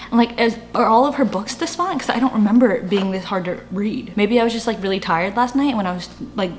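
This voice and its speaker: A woman's voice: mid-range voice, quick pace, few pauses. A young woman talks through her reading in a loose, rambling way, often stopping herself to laugh at her own slips. She circles back and restarts her thoughts. A faint hum sits under her voice. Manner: rambling, self-mocking, lots of fillers and restarts. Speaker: book vlogger. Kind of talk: casual reading vlog chat.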